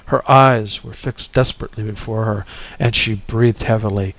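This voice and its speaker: A man narrating a classic short story in a measured, expressive reading. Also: lowish voice, vocal fry, low-quality recording.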